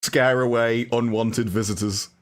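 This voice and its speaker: A man co-hosts a casual stream, tossing out blunt, wry jokes and wisecracks. His voice sits at an ordinary middle pitch for a man. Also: fairly even intonation, measured pace. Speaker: co-host. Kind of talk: casual live-stream chat.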